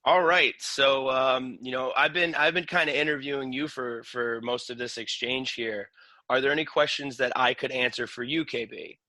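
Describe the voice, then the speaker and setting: Sex: male. Role: podcast host. Style: casual chat. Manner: halting, stumbling restarts, casual swearing. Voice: bright, dry sound. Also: mid-range voice, dry recording.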